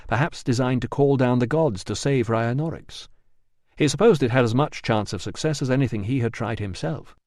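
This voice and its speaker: A man reading historical fiction aloud as an audiobook narrator, with measured storytelling. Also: medium pitch, a little mellow, no room sound, studio quality.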